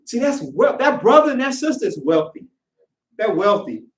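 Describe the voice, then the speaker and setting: Animated preacher man in an echoey hall. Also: sits high, normal speed. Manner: animated, acts out congregants in quoted voices, shouting at times. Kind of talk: sermon. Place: worship hall. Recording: echoey room, voice from a distance.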